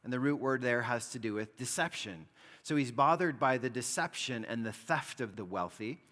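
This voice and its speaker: Pastor preaching in an echoing hall. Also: male voice, mid-range voice, animated, normal speed, a bit bright. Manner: conversational, explanatory preaching with frequent "like". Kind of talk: sermon. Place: church hall. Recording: long reverb of a church hall.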